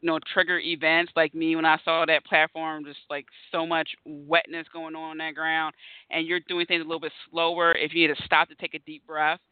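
A man's voice: on the high side, completely flat delivery, a little fast, clear, resonant tone, no room sound. A man hosting a casual conversation, telling stories animatedly and acting out his own reactions. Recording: tinny phone-like line.

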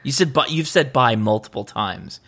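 Podcast co-host, male, gravelly tone, easygoing chat that circles and backtracks. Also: mid-range voice, lively intonation, normal speed, bright, forceful tone. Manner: rambling, self-correcting. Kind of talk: casual chat.

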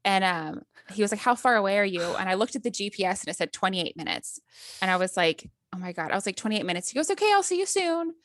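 A woman's voice: medium pitch, fast talker, fairly bright tone, no echo, clean studio sound. A woman in her thirties, a podcast guest telling a personal story in casual conversation, acting out quotes and laughing often.

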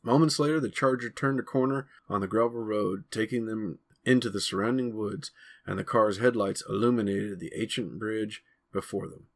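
A man narrating a chapter of his own novel in a measured, steady reading voice. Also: lowish voice. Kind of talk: audiobook-style narration.

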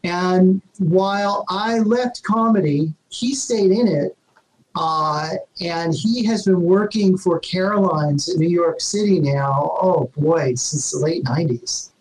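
A man's voice: sits high, darkish tone, rough recording. A man speaking as a guest public speaker in an emphatic, upbeat motivational manner, often tagging on rhetorical questions. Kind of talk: motivational talk.

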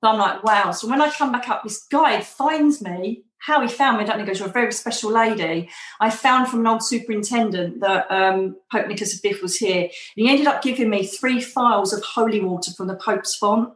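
In a reverberant, low-quality recording, a female interview guest speaks fairly quickly in a mid-range voice. She chats her way through a personal story, performing the quoted lines as she goes.

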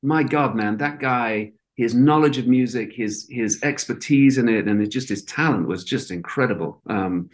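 A man's voice: mid-range voice, moderate pace, few pauses. A man, a documentary producer who did not grow up in America, telling a story in casual chat and acting out the voices in it. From outside America. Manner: animated, acts out voices in anecdotes.

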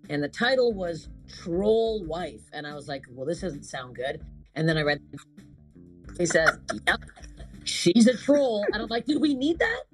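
A woman's voice: fairly low pitch, big pitch swings, measured pace, soft background music. A woman comic actress chatting casually, telling stories animatedly with laughs and swearing. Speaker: comedic actress, guest. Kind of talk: casual chat.

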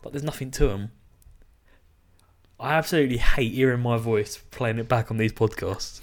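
English guy on a podcast, mid pitch, blunt, laughs a lot, casual chat. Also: normal speed. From England. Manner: laughing, blunt, swears freely. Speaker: podcast co-host.

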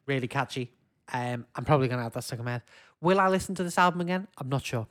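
A man's voice: medium pitch, lively intonation, fast talker, a bit bright. A man from Wigan with a Northern English accent, chatting casually as a podcast co-host, rambling and hesitant with lots of fillers. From Wigan, England. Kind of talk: casual chat.

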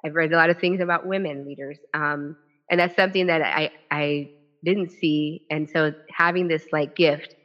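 Woman telling her story at a podium. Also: low voice. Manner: animated storytelling with quick restarts and quoted dialogue. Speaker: author and former legislator giving a talk. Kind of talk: personal storytelling speech to a live audience. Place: at a podium at a public event. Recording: dull lo-fi event recording.

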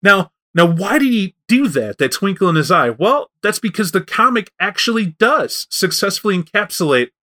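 A man hosting a casual chat about tabletop role-playing games, telling stories in a rambling, animated way with frequent restarts. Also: sits high, moderate pace, few pauses.

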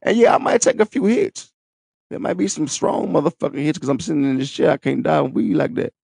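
Gravelly profane man rambling on a podcast. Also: a little high, big pitch swings, brisk, darkish tone, no echo. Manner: profane, streetwise, boastful banter. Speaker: podcast host. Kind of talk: rambling solo podcast talk. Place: at home, seated in a wheelchair.

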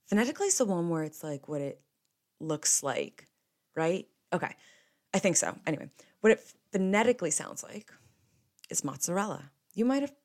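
Chatty young New woman. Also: on the low side. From New Jersey. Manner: chatty and rambling, with frequent swearing. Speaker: podcast host. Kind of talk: casual chat.

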